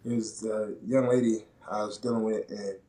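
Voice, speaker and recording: A man co-hosting a casual talk show, telling a story in a relaxed, conversational way. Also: fairly low pitch, moderate pace, roomy sound. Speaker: podcast co-host.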